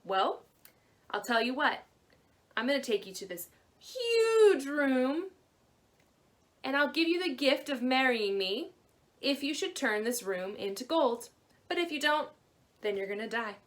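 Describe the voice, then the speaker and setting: A greedy storybook king who barks his demands in a bossy, commanding tone, as a woman storyteller plays him. His orders come out a little louder and higher than the telling around them. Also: sing-song, measured pace, pauses often. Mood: demanding. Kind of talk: storybook reading.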